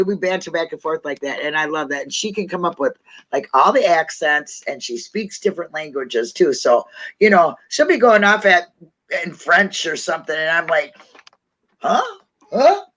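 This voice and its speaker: A talkative woman telling a story among friends, with a lively pitch that leaps up and down. Her tone is bright and forceful, and she keeps laughing at herself as she goes. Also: moderate pace, rough recording. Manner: chatty storyteller, laughs often, self-mocking. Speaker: co-host. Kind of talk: casual chat.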